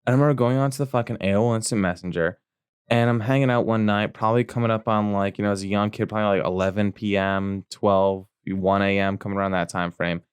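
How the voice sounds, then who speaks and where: A podcast co-host with a fairly low, steady voice rattles through a crude story at speed, full of fillers and rambling. His tone is clean with no room sound, and he acts out quotes by raising his voice.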